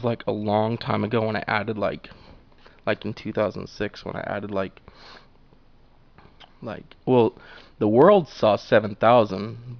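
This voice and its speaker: Drawing on camera, a young male vlogger rambles in a profane, easygoing monologue, laughing a lot and leaning on fillers. The lo-fi home recording sounds dull but has no echo, and his voice runs low.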